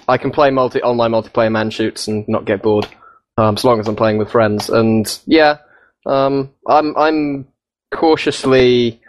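Measured man talking games. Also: mid-range voice, steady tone, a little hiss or hum. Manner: measured, hedging opinions. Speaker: podcast co-host. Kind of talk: casual gaming chat.

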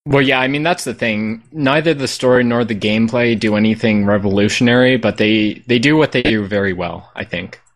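A man's voice: medium pitch, fairly quick, few pauses. A man chatting casually as a podcast co-host, rambling and hesitant, with frequent ums and some swearing. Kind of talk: casual chat about video games.

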